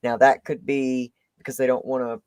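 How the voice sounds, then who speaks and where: A man's voice: medium pitch, flat delivery, moderate pace, darkish tone, clean tone, dry recording. A man hosting a live conversation show, speaking earnestly and reflectively in long, advocating runs. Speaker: host.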